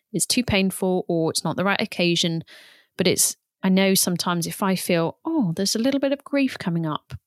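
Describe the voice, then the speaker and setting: Woman, thirties, yoga teacher, gentle and reflective, lowish voice, dry close sound. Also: no room sound. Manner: gentle, unhurried and candid. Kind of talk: reflective personal talk.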